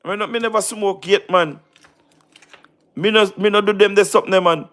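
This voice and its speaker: A tired man with a Jamaican accent talks casually to his live-stream audience in a slightly high voice. He slips into patois, repeats himself for emphasis, and calls out viewers by name. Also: fairly even intonation, moderate pace, a bit bright.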